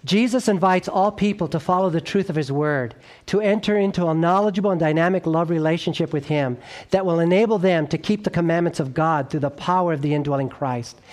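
A brisk evangelistic preacher speaks with earnest urgency, climbing in emphasis before dropping to a low, quiet register. He keeps pausing to check in with his audience.

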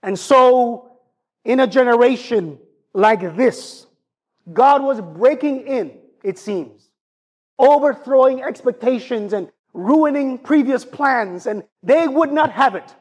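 A man preaching a sermon in an animated, conversational way, often turning to ask his congregation questions. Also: extremely high pitch, slow, slightly rough.

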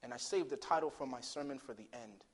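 A man preaching a sermon, dramatic, swinging from loud declaiming to hushed near-whisper, telling stories with acted voices. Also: medium pitch, fast.

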